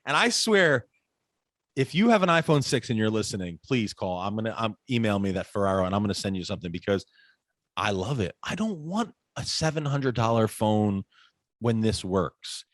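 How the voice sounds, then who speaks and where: A man in his forties talks as a podcast guest in a low voice. He tells stories with animation, slipping into the voices of the people in them. The sound is dry and close. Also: moderate pace, dry recording. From United States. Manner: animated storyteller, acts out quoted voices. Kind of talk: casual interview conversation.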